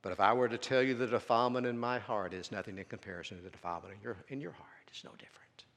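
A man preaching a sermon, dropping to near-whispers and then rising to loud, drawn-out emphasis, with stammered repeats. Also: lowish voice, vocal fry. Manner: swings between soft hushed lines and loud emphatic stresses, stammering repeats. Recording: long hall reverb.

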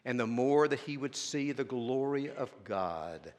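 A man preaching a sermon, dropping to near-whispers and then rising to loud, drawn-out emphasis, with stammered repeats. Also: medium pitch, expressive. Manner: swings between soft hushed lines and loud emphatic stresses, stammering repeats. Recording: long hall reverb.

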